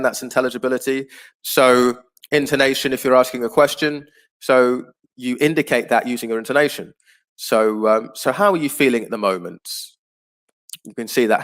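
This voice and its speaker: A man teaching an online class, explaining patiently and clearly, with frequent ums and uhs. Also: mid-range voice.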